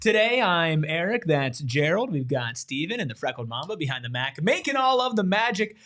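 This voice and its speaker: A man's voice: fairly high pitch, sing-song, moderate pace, fairly bright tone. A man hosting a sports podcast from a studio, playful and teasing in casual chat. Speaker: podcast host.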